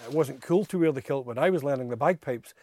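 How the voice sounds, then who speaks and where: A man's voice: mid-range voice, quick pace, warm tone, dry recording, clean studio sound. A man, a kilt maker answering interview questions in a plainspoken, matter-of-fact way.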